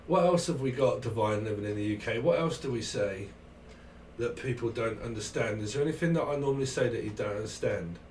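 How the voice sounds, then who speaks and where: A man's voice: medium pitch, brisk, a little mellow. Chatty middle-aged Cambridgeshire man. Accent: Cambridgeshire English. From England. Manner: rambling, chatty, thanks viewers. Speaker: tarot reader streaming live. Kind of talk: casual livestream chat. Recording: roomy, distant mic, faint noise.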